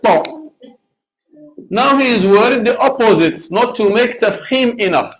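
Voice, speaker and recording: A man's voice: high-pitched, a little hiss or hum, poor audio. A man teaching Quran recitation in a live lesson, explaining carefully and chanting example verses.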